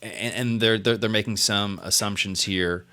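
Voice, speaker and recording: A man's voice: on the low side, fairly even intonation, moderate pace, pushed and bright. A man co-hosting a casual discussion, rambling and restarting his sentences often. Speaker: podcast co-host.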